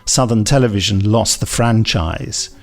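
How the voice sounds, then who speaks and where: A man's voice: fairly low pitch, measured pace, creaky. A middle-aged man co-hosting a podcast, wry, teasing and opinionated. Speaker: podcast co-host. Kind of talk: casual chat.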